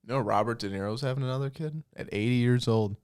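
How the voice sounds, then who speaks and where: A man's voice: mid-range voice, fast, a little mellow, clean tone, dry recording, clean studio sound. A man co-hosting a comedy podcast, laughing often as he riffs on crude jokes. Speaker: podcast co-host.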